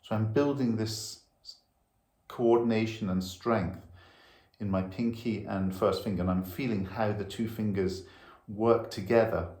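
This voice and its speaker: A man's voice: lowish voice, steady tone, unhurried, darkish tone. A man teaching violin, patiently explaining bow technique step by step while demonstrating. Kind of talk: instructional lesson. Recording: echoey room with violin.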